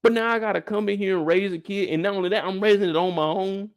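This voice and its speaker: A man's voice: high voice, fairly even intonation, fast talker, smooth, dry recording, studio quality. A young man hosting a live after-show discussion, telling loose, profane, rambling stories. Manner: loose, profane, storytelling riffs. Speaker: show host.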